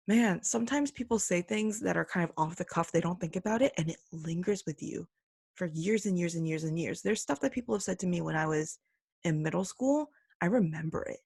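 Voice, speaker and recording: A young woman gives her opinions on her own podcast, earnest and emphatic, with a gravelly fry running under her mid-range voice. The sound is close and dry, with no room around it. She drops into brief mocking impressions of other people. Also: fairly low pitch, darkish tone, dry recording. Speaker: podcast host. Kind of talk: opinionated solo commentary.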